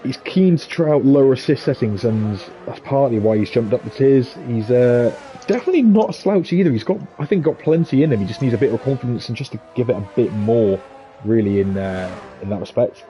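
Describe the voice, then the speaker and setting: A man with a Scouse accent commentating a sim racing league, excitable and jokey. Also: fairly quick, faint music behind. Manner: excitable and jokey, pitch leaping on big moments. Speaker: race commentator.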